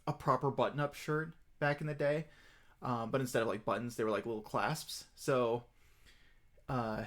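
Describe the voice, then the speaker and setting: A man talking on his stream in a loose, rambling way, full of fillers and restarts. His voice sits at an ordinary middle pitch. Now and then it jumps up high with glee. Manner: rambling, excitable, many fillers. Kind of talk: casual stream chat.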